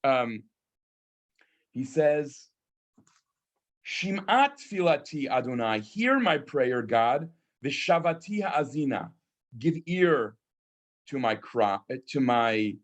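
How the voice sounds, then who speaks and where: A man's voice: medium pitch, big pitch swings, extremely slow, long pauses. Man teaching a text study, um-filled. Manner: thoughtful, frequent ums, reads Hebrew verses then translates. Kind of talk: online text study lecture.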